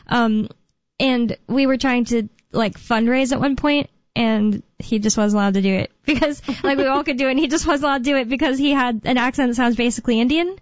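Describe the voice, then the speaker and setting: A woman's voice: fairly high pitch, dry recording, lo-fi sound. A woman hosting a talk radio show, chatting in a rambling way with lots of fillers. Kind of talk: casual talk radio chat.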